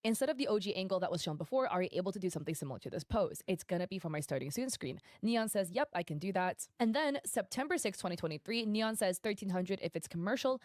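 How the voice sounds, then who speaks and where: Reading messages and posts to her viewers, a woman streamer talks briskly and drops in emphatic, indignant remarks between the quotes. Her voice is medium in pitch, close-miked and dry, with no room sound.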